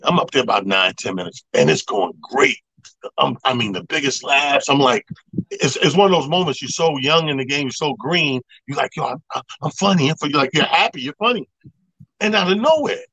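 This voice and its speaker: A man's voice: on the high side, a bit bright, no room sound. A middle-aged man, a comedian, telling a story in a slangy, emphatic way and acting out both sides.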